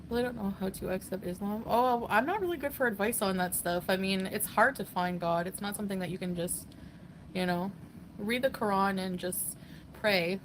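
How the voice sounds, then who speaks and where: A woman's voice: mid-range voice, normal speed, slight background noise, rough recording. A woman chatting casually on a live stream, giggling often and reading out viewer comments. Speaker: travel vlogger on a live stream.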